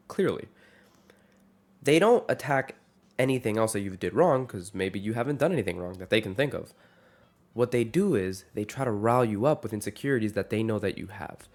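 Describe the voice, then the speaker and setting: Rambling young man ranting casually. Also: fairly low pitch. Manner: rambling, self-correcting, wry. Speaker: vlogger. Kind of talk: casual rant to camera.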